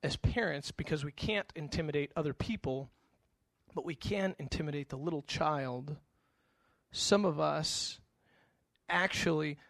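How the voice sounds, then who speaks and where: A man's voice: a little high, a little slow, creaky, fairly bright tone, no room sound. A middle-aged male pastor giving a conversational sermon, telling stories with animation and frequent stammered restarts.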